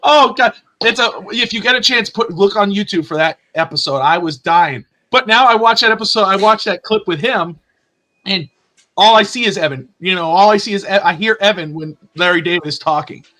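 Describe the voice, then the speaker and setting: A man's voice: sits high, a little fast, pushed and bright. A man co-hosting a casual sports podcast, telling stories in a rambling way with many fillers and laughs. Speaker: podcast co-host. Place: lives in Tennessee.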